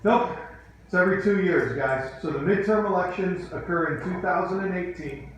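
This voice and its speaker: A man's voice: sits high, normal speed. A male teacher leading a classroom lesson, quizzing students by name in a firm, dryly teasing way. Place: echoey classroom. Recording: echoey room, faint background noise.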